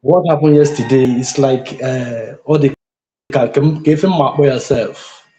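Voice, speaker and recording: A man with a Nigerian accent calling in to a livestream, talking in a hesitant, halting way. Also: mid-range voice, steady tone, warm tone, echoey room, slight background noise. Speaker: caller. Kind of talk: casual call-in talk.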